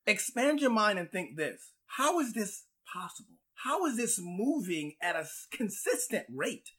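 A man with a husky voice talks in casual podcast banter, his pitch swinging widely as he acts out the people in his stories. He laughs easily between lines. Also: unhurried. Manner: animated storyteller, acts out voices, laughs often. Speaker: podcast co-host.

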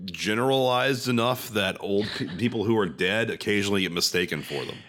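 A man's voice: fairly low pitch, expressive, a little fast, a bit bright. A young man co-hosting a casual podcast, with dry, wry comments. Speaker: podcast co-host.

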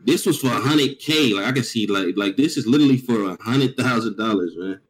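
A man talking in casual chat, reacting with drawn-out, incredulous exclamations. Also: on the low side.

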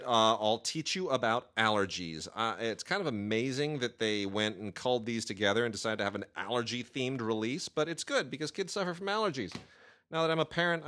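A man reviewing new home video releases in a casual, rambling chat, with many filler pauses. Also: mid-range voice, fairly bright tone.

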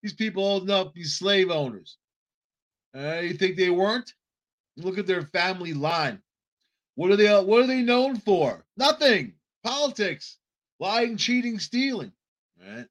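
A man's voice: high-pitched, a bit bright. A man delivering a heated, sarcastic political commentary monologue, often restarting his phrases.

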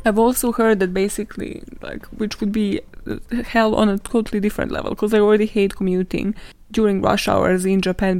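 A young woman hosting a podcast, telling stories in a casual, sweary, animated way and laughing often. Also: medium pitch, dry recording. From not British, lives in London. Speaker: podcast host. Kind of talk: casual chatty storytelling.

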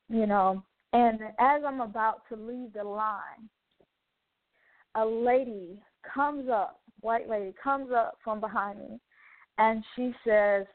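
A woman's voice: mid-range voice, no echo. Woman host telling a heartfelt testimony. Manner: heartfelt storytelling, many "you know" asides. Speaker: radio show host. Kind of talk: personal testimony, casual talk. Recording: narrow phone-like sound, dry.

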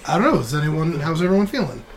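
A man running a tabletop game as dungeon master, narrating in a relaxed, conversational way with restarts. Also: on the high side, fast talker, a loud crowd.

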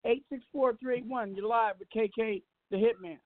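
Halting high-voiced male radio host. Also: fairly even intonation, a little hiss or hum. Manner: halting, with many fillers and restarts. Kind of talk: casual live radio chat. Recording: phone-like narrow sound.

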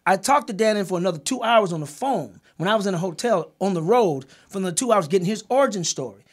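A man with a high-pitched voice tells a heated story in a group chat. He is emphatic, repeats and restarts his words, and swears freely. He sounds like a producer settling a score. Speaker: documentary creator and executive producer.

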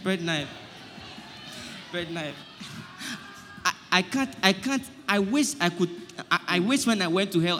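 A man's voice: very high voice, a bit bright, big-room sound. A man, preaching to his friends in a comedy skit, pleading, stammering over his words and quoting scripture. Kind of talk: comic street-style preaching.

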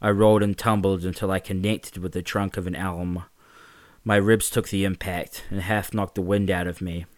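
A man narrating a first-person story in a steady, plain storytelling manner. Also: low-pitched, normal speed, no echo.

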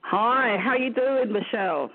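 A woman with a London accent from England, a business mentor guesting on a live show over a remote call, chats in an upbeat way and repeats phrases. Her voice is on the high side with lively intonation and a measured pace. There's no room sound, and the line sounds tinny and phone-like.

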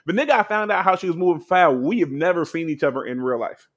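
A man's voice: fairly high pitch, animated, fast, highs cut off. A young man chatting casually and candidly on a podcast, full of fillers and blunt swearing. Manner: loose and candid, heavy on fillers and profanity. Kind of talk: casual chat.

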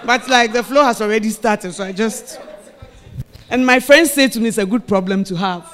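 Woman preacher telling a story in a sermon, acts out the voices, gets loud and shouty. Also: fairly high pitch, moderate pace. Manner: storytelling, acting out quoted voices, rising to shouted exhortation.

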